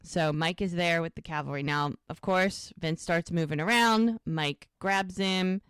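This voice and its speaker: A woman co-hosting a podcast, telling an episode's story in a casual, animated way and quoting the characters. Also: on the low side, measured pace, clean tone, dry recording, studio quality. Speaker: podcast co-host.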